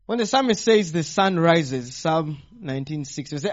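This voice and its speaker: A man preaching a teaching sermon, animated and firing rhetorical questions at the congregation. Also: on the high side, normal speed. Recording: dull lo-fi sound.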